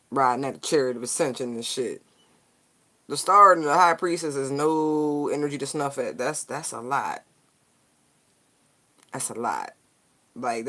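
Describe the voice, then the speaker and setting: A person giving a casual tarot card reading straight to viewers, animated, slangy and profane. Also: mid-range voice.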